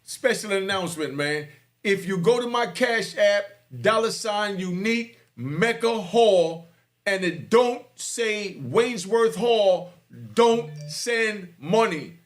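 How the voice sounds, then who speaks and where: A middle-aged man talking to his viewers with fervent, preaching passion and bursts of shouting. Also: sits high, lively intonation, slow pace. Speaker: host. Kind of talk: impassioned talk to viewers.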